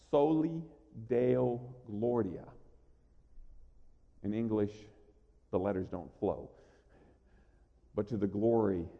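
A man preaching a sermon with an earnest, emphatic delivery, slowing down to stress key lines. His voice sits a bit high but sounds mellow. The sound rings with a long reverb from a church sanctuary. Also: dull audio. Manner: earnest preaching, emphatic slowed key lines, repeats words when starting. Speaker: pastor. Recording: long reverb of a large hall.

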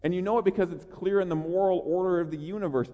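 High-voiced preacher echoing through a hall. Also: male voice, quick pace. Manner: energetic, earnest preaching with repeated words. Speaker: pastor. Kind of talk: sermon. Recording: long reverb of a large hall.

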